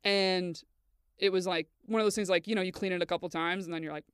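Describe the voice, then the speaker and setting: Woman podcast host, quick animated storyteller with lots of cursing, dry close sound. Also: on the low side, clear, resonant tone, no echo. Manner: animated, swears freely. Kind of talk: casual chat, storytelling.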